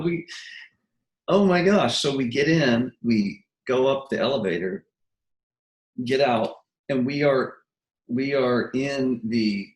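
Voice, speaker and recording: A man, a musician and interview guest, tells stories animatedly, acts out quotes and often restarts his sentences. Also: on the low side. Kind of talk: casual interview storytelling. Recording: echoey room.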